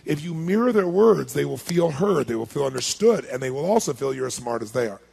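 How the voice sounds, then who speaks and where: A man with a gravelly voice works a seminar audience with emphatic, punchy delivery. He keeps throwing rhetorical questions at the crowd and hammers his main points by repeating them. His voice sits a little high for a man and has a husky edge. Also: expressive, a little fast, darkish tone. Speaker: motivational seminar speaker. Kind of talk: live seminar talk to an audience.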